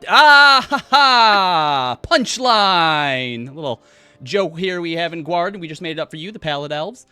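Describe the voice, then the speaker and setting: A man's voice: animated, unhurried, pushed and bright, clean tone, no room sound, faint music behind, full character voice. A man voicing a flamboyant showman wizard who makes grandiose announcements to a crowd. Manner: booming, grandiose announcer delivery.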